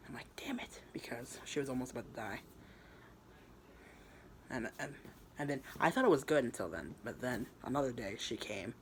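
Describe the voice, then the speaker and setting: A man's voice: medium pitch, animated, normal speed, pauses often, fairly bright tone, a little hiss or hum. A man casually retelling his own fan fiction story, rambling and crude, often stumbling and restarting his words.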